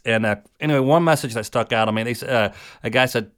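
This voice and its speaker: Rambling middle-aged comedian host. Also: male voice, medium pitch, fast talker, fairly bright tone. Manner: rambling, chatty, many fillers. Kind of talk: casual monologue.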